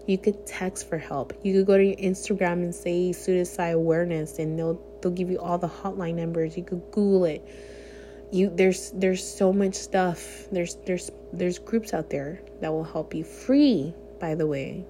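A young woman speaks earnestly and directly to her viewers in a candid vlog. Her voice sits low and sounds warm and relaxed. A faint hum runs underneath. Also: moderate pace. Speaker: vlogger. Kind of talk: candid personal vlog talk.

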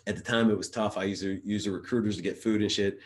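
A man's voice: lowish voice, fairly even intonation, fast talker, slight background noise. A man, a former Marine, telling stories in a rambling, profane, filler-heavy casual chat as a guest.

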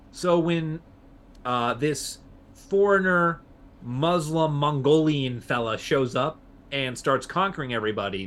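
Podcast co-host, male, animated storyteller, slightly raised pitch, filler-heavy delivery. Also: slight background noise. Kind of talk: casual history podcast chat.

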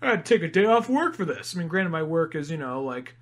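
A man's voice: a little high, very animated, fast, a bit bright. A young man co-hosting a podcast, chatting casually and profanely about a movie and acting out jokey bits. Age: young adult. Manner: profane, jokey, acts out villain lines. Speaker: podcast co-host. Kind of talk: casual movie-review chat.

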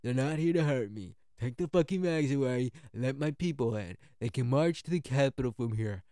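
A man doing a comedic impression of a brash, combative older male politician, loud and emphatic. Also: medium pitch, expressive, no room sound, natural voice. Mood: angry. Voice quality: exaggerated, deliberately nasty-sounding impression. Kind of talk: comedic impression within a narrated history talk.

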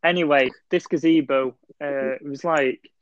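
A man's voice: fairly high pitch, steady tone, normal speed, no echo. Rambling young man, dull dry sound. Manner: rambling storyteller with many fillers. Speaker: podcast co-host. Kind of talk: casual chat, telling a dream story.

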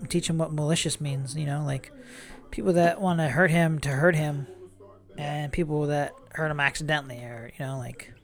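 A man's voice: on the high side, fairly even intonation, normal speed. A man in his thirties co-hosting a casual podcast, chiming in with teasing jokes. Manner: joking, teasing interjections. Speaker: podcast co-host. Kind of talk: casual chat.

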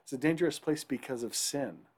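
A man's voice: mid-range voice, lively intonation, brisk, husky. Man preaching a conversational sermon. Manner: conversational preaching, frequent "right?" to the congregation. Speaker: pastor.

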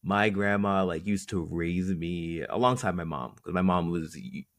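A young man hosting a conversational interview, attentive, with soft backchannels. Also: deep voice, moderate pace, dry recording, studio quality. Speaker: interview host.

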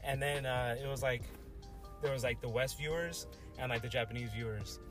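A man's voice: mid-range voice, normal speed, music in the background. A young man co-hosting a casual podcast chat, slangy and swearing, laughing often. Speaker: podcast co-host.

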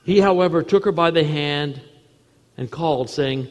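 A man's voice: on the high side, expressive, normal speed. Earnest preacher man in a reverberant hall. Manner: earnest, with repeated phrases and sudden soft drops. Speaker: pastor. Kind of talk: sermon.

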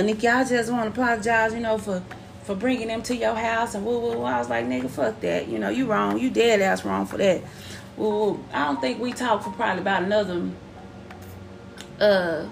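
A woman telling a personal story in a casual, profane, animated way, acting out the people she quotes. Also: mid-range voice, brisk, creaky, over music.

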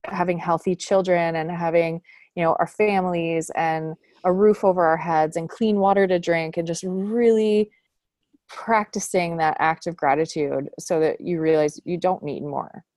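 A woman's voice: fairly low pitch, normal speed, a little mellow, dry recording, studio quality. A woman in a casual conversation, talking earnestly and reflectively, with frequent small laughs.

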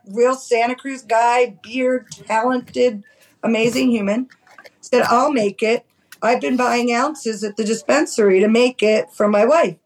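A middle-aged woman from New York City, a cannabis farmer telling stories in a chatty, animated way as a podcast guest. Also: on the high side, rough recording. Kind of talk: casual storytelling.

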